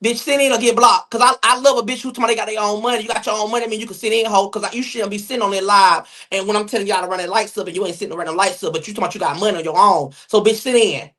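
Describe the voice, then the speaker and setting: Sassy streamer dishing gossip. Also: male voice, high-pitched, fairly even intonation, a bit bright. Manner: sassy, rapid, swearing, addresses chat viewers. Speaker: gossip show host. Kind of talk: livestream gossip commentary. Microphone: phone or webcam mic on livestream.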